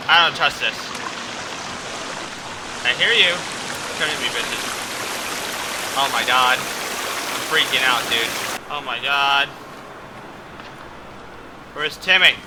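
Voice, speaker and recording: A man's voice: fairly high pitch, unhurried, pauses often, heavy background noise. A man doing let's play commentary, swearing constantly and yelping in panic at enemies over game sounds. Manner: profane, panicky, yelps and curses at enemies. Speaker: gaming YouTuber.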